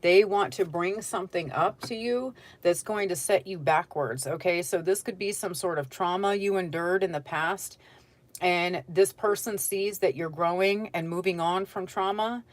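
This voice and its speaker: Speaking at a moderate pace in a fairly low voice, a woman offers a relaxed tarot reading in a dry-sounding recording. She addresses the viewer directly, gives advice in a chatty way, and keeps checking in with "okay?"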